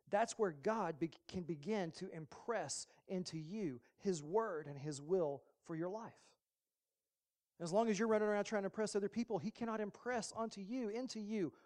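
A male pastor giving a sermon in a relaxed, conversational way, slipping in humorous asides. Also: high-pitched.

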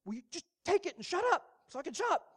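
A man voicing an exasperated mother who finally snaps at her nagging child, high and sharp. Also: very animated, fast, heavily acted. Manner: shrill, fed-up snapping. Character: worn-out exasperated mother shopping.

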